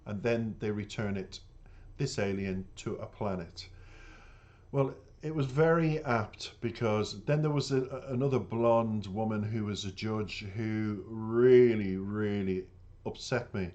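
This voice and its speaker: A man with an Irish accent and a fairly low voice talks straight to his viewers in a casual monologue. He is earnest and indignant as he rambles, and he calls the people listening "dears". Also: unhurried, darkish tone. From Ireland. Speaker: reaction channel host.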